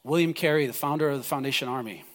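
A man preaching a sermon as pastor, impassioned, swinging from loud pleading cries to hushed, quiet passages. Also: medium pitch, very fast, big-room sound.

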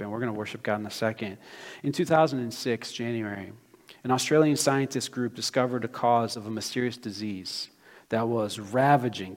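Pastor preaching emphatically in a reverberant hall. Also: male voice, on the low side. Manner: emphatic, animated preaching with rhetorical questions. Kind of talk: sermon.

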